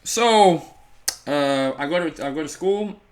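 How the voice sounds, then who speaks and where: This man has a fairly high pitch and takes his time, with soft music underneath, as he casually recounts something that happened to him in a storytime vlog. It's an animated retelling full of "like," and he voices the people he quotes.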